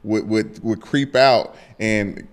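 A young man co-hosting a sports podcast, telling stories in a playful, animated way. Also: lowish voice, takes it slowly. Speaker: podcast co-host. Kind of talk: casual sports podcast chat.

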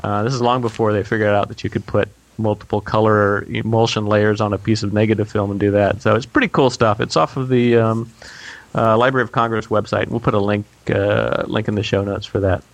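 A man hosting a podcast in casual chat, relaxed and halting, with frequent restarts and fillers. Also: on the low side. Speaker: podcast host.

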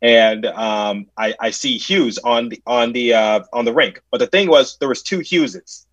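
A young man and podcast host telling a casual story, with stumbling restarts and loud acted-out quotes. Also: medium pitch, measured pace, dry recording. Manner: animated, stumbling restarts, acts out quotes loudly. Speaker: podcast host and play-by-play announcer. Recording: dry, slightly muffled lo-fi audio.

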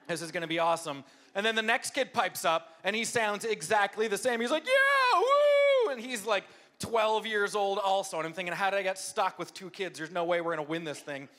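Upbeat bright-voiced pastor, high-pitched man. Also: fairly quick, few pauses. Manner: upbeat, self-deprecating, animated impressions. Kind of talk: humorous storytelling sermon. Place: church service before a live audience.

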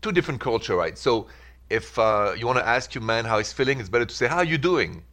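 A man from France with a French accent, hosting a relaxed, chatty call-in show about love and relationships. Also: medium pitch. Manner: relaxed, chatty, with filler pauses. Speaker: radio advice host. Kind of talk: call-in advice talk.

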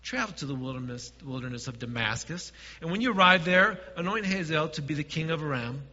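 A man preaching a sermon as pastor, dropping to quiet asides and swelling to emphatic points. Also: a little high, animated, brisk, in a large hall, highs cut off.

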